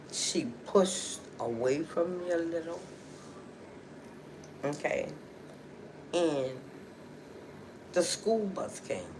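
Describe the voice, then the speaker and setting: A woman whose voice sits low shares a personal story with her livestream audience over background noise. Her telling is conversational and emotional, filled with "okay" and "you know."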